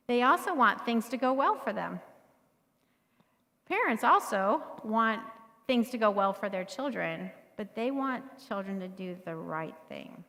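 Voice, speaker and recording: A woman's voice: mid-range voice, a bit bright. A middle-aged woman leading a parenting workshop, talking conversationally to the audience and often checking in with "right?". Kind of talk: live workshop talk to an audience. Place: church meeting room. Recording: long hall reverb.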